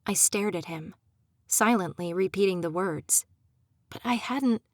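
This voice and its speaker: A woman's voice: mid-range voice, a little slow, dry recording. A young adult woman reads a first-person audiobook with a mid-range voice, emotive and often pleading and desperate in dialogue. The sound is dry and close, with no room around it. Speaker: audiobook narrator.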